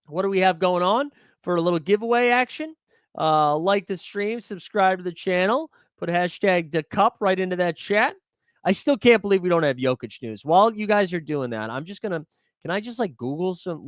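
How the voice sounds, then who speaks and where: Male stream host, fairly high voice, close dry mic, excitable and chatty with his chat. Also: no room sound. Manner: excitable, talks to chat by name, thinks aloud. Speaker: fantasy sports live-stream host. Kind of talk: casual live-stream chat.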